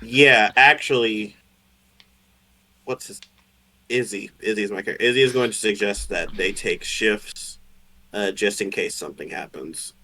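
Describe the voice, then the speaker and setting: Bright-voiced hesitant male player. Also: on the low side, moderate pace, long pauses, a little hiss or hum. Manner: hesitant, thinking aloud. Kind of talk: casual tabletop play.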